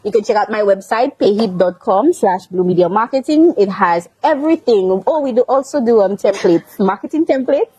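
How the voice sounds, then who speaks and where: Giggly husky-voiced woman guest. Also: mid-range voice, expressive, brisk, hardly any pauses, dark tone, no room sound, low-quality recording. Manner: giggly, lists things with many ums. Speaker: guest, marketing business owner. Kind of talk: casual interview chat.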